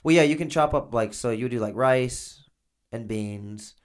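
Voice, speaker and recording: A man's voice: medium pitch, a little slow. A man co-hosting a podcast, telling loose, filler-heavy stories in casual chat. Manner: rambling, filler-heavy storytelling. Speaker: podcast co-host, former inmate.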